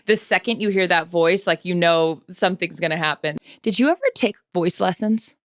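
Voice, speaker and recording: A woman's voice: fairly low pitch, normal speed, dry recording, studio quality. A woman co-hosting a podcast in casual chat, teasing and playful with her co-host.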